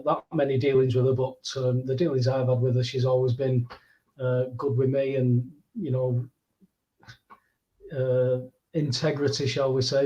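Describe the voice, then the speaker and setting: A man's voice: mid-range voice, mellow, dull audio. A man, a guest on a casual show, chatting in a digressive way with many fillers. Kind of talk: casual chat.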